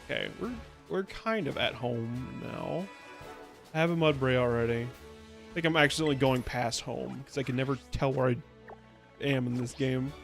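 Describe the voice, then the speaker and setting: A man's voice: medium pitch, moderate pace, creaky, faint music behind. A man giving casual gameplay commentary on his stream, rambling and playful, often restarting his sentences. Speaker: VTuber streamer.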